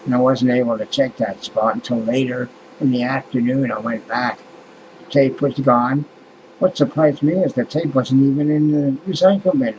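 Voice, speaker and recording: A man's voice: medium pitch, steady tone, moderate pace, a little mellow, a little hiss or hum, rough recording. A man musing aloud in a casual vlog monologue, rambling and swearing as he grumbles about things that irritate him. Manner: rambling, profane, exasperated musing. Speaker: vlogger.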